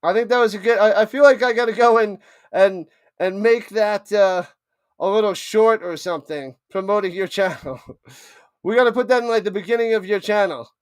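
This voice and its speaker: A man with a high, bright voice calling football plays live on his stream, loose and playful, tripping over the names as he goes. The sound is close and dry, with no room around it. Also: a little fast, smooth, no echo. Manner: animated, joking, stumbles over names. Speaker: play-by-play streamer. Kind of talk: live play-by-play commentary and banter.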